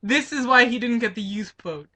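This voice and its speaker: A woman's voice: fairly high pitch, normal speed, bright, forceful tone. A woman venting to camera in a political rant, heated and frustrated, firing off rhetorical questions. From Canada. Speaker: vlogger.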